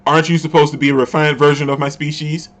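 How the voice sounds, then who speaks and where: A gentle, sorrowful young wolf boy from a comic, quiet and earnest, read out by a man. The voice sits a little high, and it stays close to a plain speaking voice. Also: level tone, fast, natural voice.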